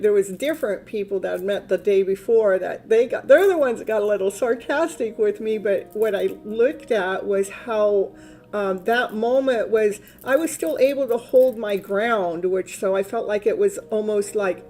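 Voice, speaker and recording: A woman's voice: medium pitch, moderate pace, warm tone. A woman, a tarot reader hosting a live stream in casual, rambling chat, laughing often.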